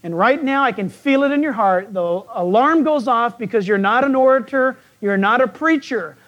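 A man with a croaky, frog-like voice, preaching a folksy sermon as a pastor who jokes and asks his listeners questions. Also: very high-pitched, animated, moderate pace, fairly bright tone, muffled recording.

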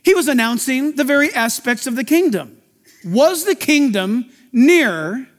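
A man's voice: very high-pitched, animated, a little slow, big-room sound. A male pastor preaching an emphatic sermon to his congregation in a church.

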